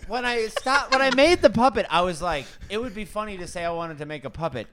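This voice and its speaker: A man's voice: high voice, animated, fast talker, crowd noise. A man hosting a podcast in casual chat, laughing often as he tells rambling stories. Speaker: podcast host.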